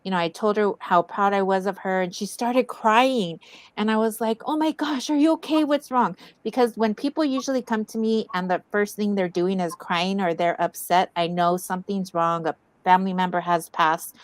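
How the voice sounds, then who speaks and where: A woman speaks earnestly and warmly personal about her own self-care, urging listeners to look after themselves. Her voice is smooth and clear. The sound is dry and close. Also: mid-range voice, fairly even intonation, moderate pace, no echo. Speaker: wellness event co-host. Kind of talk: heartfelt community talk.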